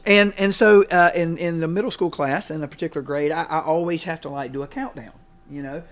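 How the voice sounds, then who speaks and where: A man delivers a sermon in a relaxed, conversational way, with a voice pitched a touch high. He often restarts phrases. He keeps asking the congregation "okay?" and "right?". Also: a little fast. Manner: repeats himself and restarts phrases. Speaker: preacher.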